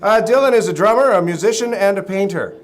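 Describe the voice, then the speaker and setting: A woman's voice: mid-range voice, lively intonation, fast talker. Teasing woman hosting a live bar show. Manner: teasing, bawdy. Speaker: talk show host. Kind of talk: live comedy interview. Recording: loud bar crowd noise. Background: crowd chatter.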